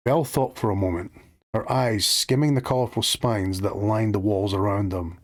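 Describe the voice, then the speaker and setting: A man gently reading a bedtime story aloud to his child. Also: fairly low pitch, moderate pace. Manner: gentle, lively storytelling with character voices.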